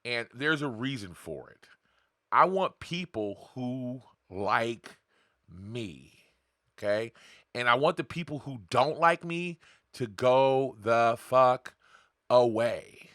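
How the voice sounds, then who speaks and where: A man's voice: mid-range voice, animated, slow, fairly bright tone, no echo, clean studio sound. A man hosting his own podcast in a casual, blunt, profane monologue, talking straight to his viewers with rhetorical questions. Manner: acts out voices of others in quotes. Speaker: podcast host.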